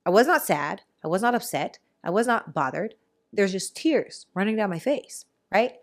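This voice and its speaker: A woman hosting a podcast in casual chat, telling stories in an animated, rambling way with quick asides. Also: medium pitch. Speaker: podcast host.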